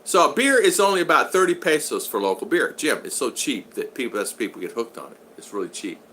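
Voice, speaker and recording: Here the same kind of speaker, an older American man vlogging live, wanders through stories and replies to chat, frequently restarting and using fillers. His mid-range voice is very animated, a touch fast, pushed and bright, and the recording carries a slight hiss or hum.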